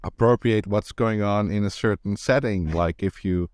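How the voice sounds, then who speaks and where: Smooth-voiced hesitant male co-host. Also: fairly low pitch, normal speed, darkish tone, no room sound, clean studio sound. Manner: hesitant, many ums and uhs. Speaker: podcast co-host. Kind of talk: casual chat.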